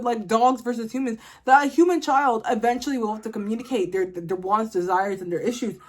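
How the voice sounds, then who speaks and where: A woman's voice: a little high, fast talker. A woman, ranting bluntly and comically to camera in a casual vlog. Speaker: vlogger.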